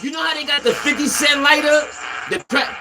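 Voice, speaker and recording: A man telling a comic story in a loud, animated and profane way, repeating himself for effect. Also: very high voice, fairly quick, background noise.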